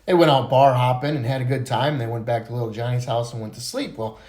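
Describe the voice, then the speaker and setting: A man's voice: mid-range voice, fairly even intonation, fast talker, a little mellow. A man telling a string of jokes, voicing the characters and laughing at his own punchlines. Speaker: joke teller.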